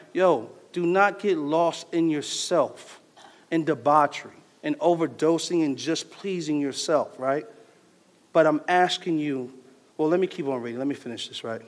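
Slangy preacher man in a reverberant hall. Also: fairly high pitch. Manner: casual slangy preaching, animated swings from loud to hushed. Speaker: pastor. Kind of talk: sermon.

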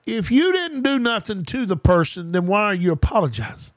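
A man's voice: high-pitched, sing-song, brisk, no echo. A man preaching an informal podcast sermon, fervent and colloquial, repeating key phrases and asking listeners rhetorical questions. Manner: speaks straight to listeners as "guys".

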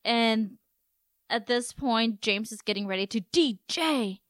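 Giggly woman co-host, slightly high. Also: no echo. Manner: laughs often, quick agreeing replies. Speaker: podcast co-host. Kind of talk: casual recap chat.

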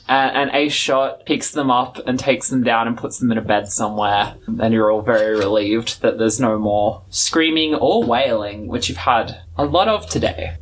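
A woman's voice: a bass voice, moderate pace, few pauses, a little hiss or hum. A woman narrating a tabletop game as game master, playful and casual.

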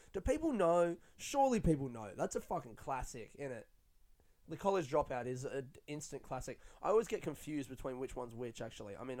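A man's voice: medium pitch, clean tone. Chatty, profane young man comedian. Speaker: stand-up comedian. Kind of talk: casual rambling monologue.

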